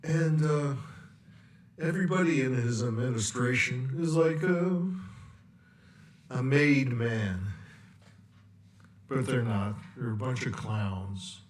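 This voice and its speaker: Man, slow rambling sarcastic rant, echoey room, sitting back from the mic. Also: medium pitch, distant mic. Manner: rambling, sarcastic, with long pauses. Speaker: political commentator. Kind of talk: political rant vlog.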